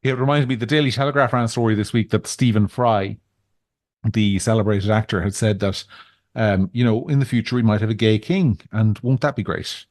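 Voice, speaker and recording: A man's voice: on the low side, fairly even intonation, brisk, a little mellow, no room sound. A man with an Irish accent co-hosting a podcast, talking in a discursive, wry way with frequent restarts. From Ireland. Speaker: podcast co-host. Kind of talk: casual political chat.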